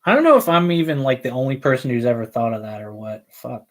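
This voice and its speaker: A young man streams himself painting models, chatting and rambling in a laid-back, slangy way with loose asides. His mid-range voice is expressive and fast.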